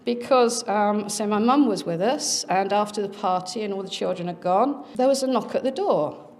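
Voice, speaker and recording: A middle-aged woman speaking at a conference, earnestly recounting a family experience with dramatic pauses. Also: mid-range voice, darkish tone. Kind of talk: personal storytelling talk.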